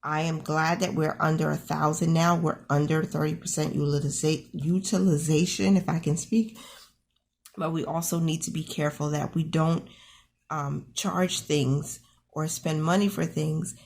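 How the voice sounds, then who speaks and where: A woman with a rough morning voice walks through her family's weekly card expenses, friendly and encouraging as she talks the numbers through aloud. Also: low-pitched, little pitch movement, measured pace. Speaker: budgeting channel host. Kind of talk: casual screen-share budget walkthrough.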